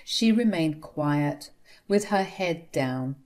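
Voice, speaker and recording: A woman narrating a first-person family drama story in a steady, indignant way. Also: low voice, slow pace.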